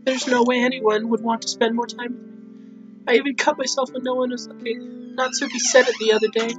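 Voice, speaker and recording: Distraught teen girl put on by a gamer, raised pitch, pleading, self-loathing, game voice-over. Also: sing-song, brisk, over music, close to an everyday voice, low-quality recording. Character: distraught, guilt-ridden teenage girl confessing.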